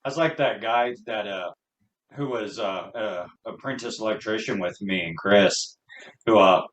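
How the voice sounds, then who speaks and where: A man in casual chat, relaxed and joking, who adds short stories and remarks. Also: lowish voice, unhurried. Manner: relaxed, joking, chimes in briefly. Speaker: podcast co-host.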